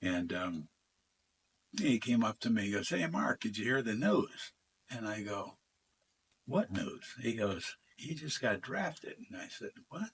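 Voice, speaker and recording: A man's voice: fairly low pitch, animated, measured pace, long pauses, a little hiss or hum. An older man, a former football player, telling rambling stories in a casual interview and acting out the voices of the people in them. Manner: rambling anecdotes, acts out quoted dialogue, frequent fillers.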